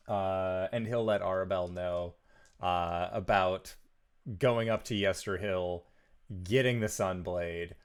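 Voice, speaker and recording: A man playing a tabletop game, describing his character's actions hesitantly with many fillers. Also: low voice. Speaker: player. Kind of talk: casual tabletop game play.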